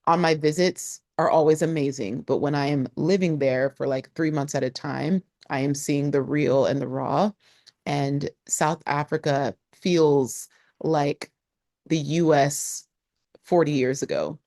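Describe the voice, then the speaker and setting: A woman with a low voice talks casually to camera as a travel vlogger. She is animated and expressive and throws in plenty of asides. The sound is dry and close, with no room echo. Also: measured pace. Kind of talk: casual talking-to-camera vlog.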